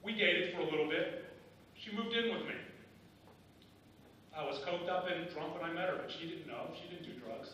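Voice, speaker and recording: A man's voice: a little high, normal speed, long pauses, bright, forceful tone, a little hiss or hum. A middle-aged man giving a candid personal speech at a benefit dinner, telling his story with insistent, rising bursts. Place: large banquet hall. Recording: echoey banquet hall, voice from a distance.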